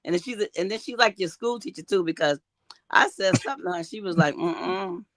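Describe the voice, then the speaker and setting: A woman's voice: medium pitch, lively intonation, quick pace, noisy background. An older woman who is a grandmother, speaking as a guest and telling stories in an emphatic, folksy way while acting out what people said. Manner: emphatic, folksy storytelling, acts out quotes. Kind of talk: casual chat.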